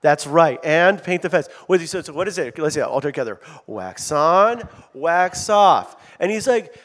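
A middle-aged man preaching a sermon in a lively, conversational way, with asides to his congregation. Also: on the high side, normal speed, hardly any pauses. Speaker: pastor.

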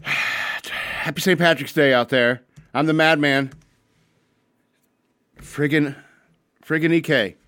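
A man's voice: fairly high pitch, slow pace, pauses often, sharp tone, clean tone, no room sound, clean studio sound. Rambling, crude-joking male radio host. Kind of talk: casual radio talk show banter. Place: small radio studio. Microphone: studio mic.

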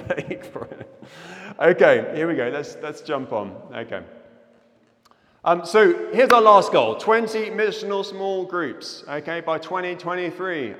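A man's voice: a little high, big-room sound. A man preaching a casual, chatty, self-deprecating sermon as a pastor. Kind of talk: sermon with prayer and a joke. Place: church hall.

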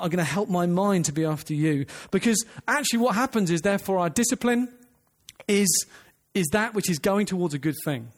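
An earnest man preaching a sermon, emphatic, restarting phrases and asking the listeners questions. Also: high voice.

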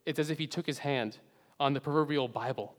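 A man preaching a sermon earnestly, swinging between loud emphatic phrases and hushed low endings. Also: a little fast. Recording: long hall reverb.

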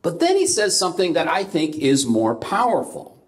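Animated middle-aged male preacher. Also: on the high side, moderate pace. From California. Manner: animated storyteller acting out phone voices. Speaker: pastor. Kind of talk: sermon with storytelling.

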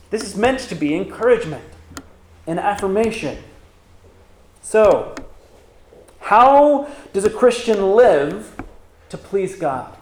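A man's voice: high voice, animated, slow pace, pauses often, reverberant. A man pastor preaching a sermon, asking rhetorical questions and reading scripture aloud with emphasis.

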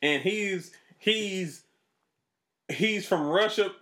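A man talking in a casual podcast chat, an animated storyteller who laughs often. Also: high voice, drawn-out words. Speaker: podcast co-host.

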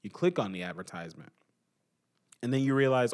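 A young man hosting a podcast, giving an animated casual opinion monologue and repeating his points for emphasis. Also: medium pitch, quick pace. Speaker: podcast host.

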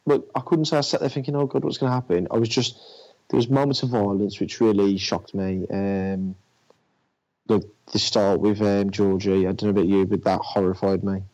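A man's voice: lowish voice, level tone, moderate pace, a little mellow. A man in casual chat about films, talking hesitantly with many fillers and restarts. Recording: dull lo-fi audio.

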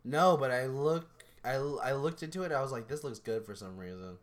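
Male podcast co-host, mid-range voice, easygoing and halting in loose chat. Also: mid-range voice. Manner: relaxed, halting, searching for words. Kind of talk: casual chat.

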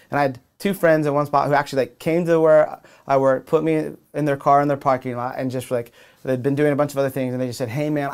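A young adult man preaching a sermon in an earnest, conversational way, often repeating and restarting his words. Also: on the high side. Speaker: pastor.

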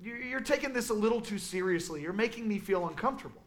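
Worried family member, as a male teacher puts him on, high voice, soft, casual. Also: animated, fast talker. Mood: pleading. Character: worried family of a distraught man.

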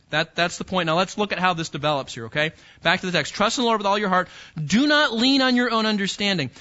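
A man's voice: high voice, sharp tone, lo-fi sound. A man preaching a sermon to a congregation, talking to them directly and emphatically with many repeated words and restarts. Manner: emphatic teaching with repetitions and restarts.

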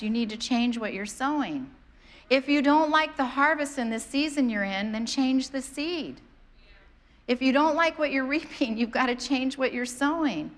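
Lively woman preaching. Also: fairly high pitch. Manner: animated, conversational, acts out quoted voices. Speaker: pastor. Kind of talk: sermon with storytelling.

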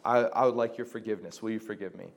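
A man's voice: on the low side, fairly even intonation, racing. Casual young man teaching a faith group. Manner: conversational, many fillers, acts out quoted exchanges. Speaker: Christian formation teacher.

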